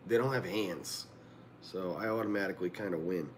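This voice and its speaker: A man's voice: low-pitched, moderate pace, a little hiss or hum. A man hosting a livestream from a room at home, chatting casually in a rambling, profane way and laughing often. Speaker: livestream host. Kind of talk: casual chat.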